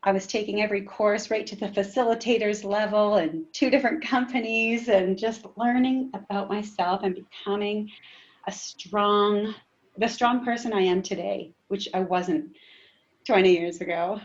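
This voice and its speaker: A woman's voice: medium pitch, steady tone, moderate pace, muffled recording. A middle-aged woman, a guest on a podcast, telling her story candidly and earnestly. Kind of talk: casual podcast interview.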